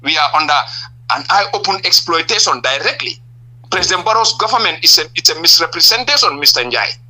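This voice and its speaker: A man's voice: on the high side, lively intonation, a little fast, sharp tone, rough recording. A man with a Gambian accent, a political party leader giving impassioned answers in a radio interview, stressing point after point and firing rhetorical questions.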